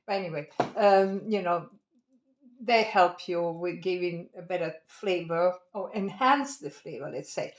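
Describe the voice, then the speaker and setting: A woman's voice: mid-range voice, echoey room. A woman with an Italian accent giving a cooking demonstration at home, chatty and digressive, laughing often. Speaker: home cook.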